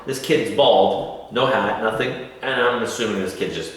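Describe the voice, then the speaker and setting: A man's voice: fairly low pitch, moderate pace, a bit bright. A man chats casually in a bar, wandering through his stories and putting on voices for the people in them. The room is very echoey, with a long reverb trailing every word. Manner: rambling storyteller, acts out quoted people in raised voices. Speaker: vlog co-host.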